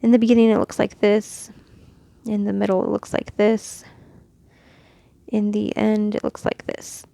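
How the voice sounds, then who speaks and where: A woman from Mexico gives a relaxed, patient lesson, stopping often to demonstrate sounds. Her mid-height voice has a slightly gravelly texture. The recording is close and dry, with no room sound. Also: medium pitch, a little slow, no echo. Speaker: Quran reading teacher. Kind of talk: casual instructional lesson.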